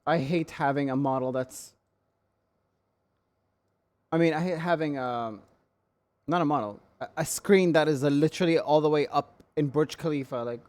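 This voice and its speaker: A young male streamer with a slightly higher voice rants in casual live-stream chat. He talks in an irritated, sweary way and keeps repeating the same questions. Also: moderate pace, long pauses, a little mellow.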